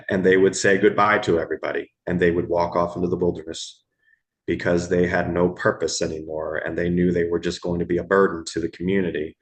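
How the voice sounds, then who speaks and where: A middle-aged man, telling stories from his years as an emergency room medic in a podcast interview, slow and halting, repeating words as he goes. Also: low voice. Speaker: guest, former ER medic.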